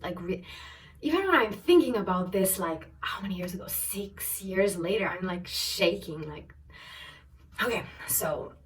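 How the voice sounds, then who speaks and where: A young woman in her twenties tells a personal story for her vlog, lively and full of asides. Her voice sits a little low for a woman. The mic is set a bit away from her. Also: distant mic. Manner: animated storytelling, quoting others in raised voices. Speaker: travel vlogger.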